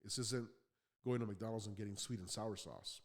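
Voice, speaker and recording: Man, podcast host, motivational monologue, blunt, conversational, lowish voice. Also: moderate pace. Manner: blunt, conversational, occasional swearing.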